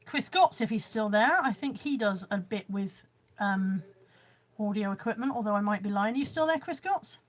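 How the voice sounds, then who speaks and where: A woman's voice: medium pitch, expressive, moderate pace. A woman chatting casually on a live stream at home, showing her haul and reading out viewer comments. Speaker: vlogger. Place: room at home.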